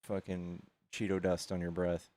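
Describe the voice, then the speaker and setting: A man's voice: deep voice, monotone, moderate pace, heavy background noise. A man streaming casual chat, blunt and mocking with callers and doting on his dog. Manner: blunt, mocking, trash-talking; doting, silly baby talk to his dog.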